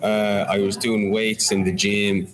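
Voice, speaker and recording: A man's voice: lowish voice, a little slow, a crowd in the background. A man, a fighter guest on a podcast, telling stories casually and acting out what others said. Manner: animated storytelling, acts out quotes. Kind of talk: casual interview chat.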